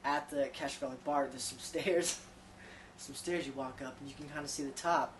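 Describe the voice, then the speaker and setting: A man's voice: mid-range voice, steady tone, moderate pace, slight background noise. A man telling a comic story about himself in a casual, profane, rambling, self-deprecating way.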